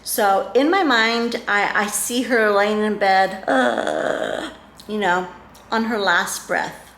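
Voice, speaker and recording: A woman's voice: mid-range voice, takes it slowly, a bit bright. A middle-aged woman vlogger telling a story in a casual, emotional way, rambling with many restarts and fillers. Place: home room. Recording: echoey room.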